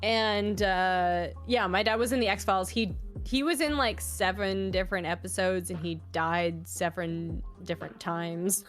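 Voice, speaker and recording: A young adult woman from Canada chatting as a podcast guest, telling animated stories, swearing freely and acting out the quotes. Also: fairly low pitch, a little slow, faint music behind. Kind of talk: casual chat on a live podcast.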